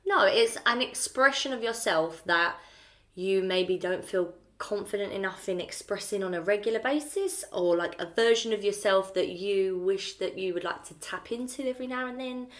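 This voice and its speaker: A woman's voice: medium pitch, normal speed. Mid voiced woman cohost, rambles, hunts for words, swears a bit. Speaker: podcast co-host. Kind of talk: casual chat.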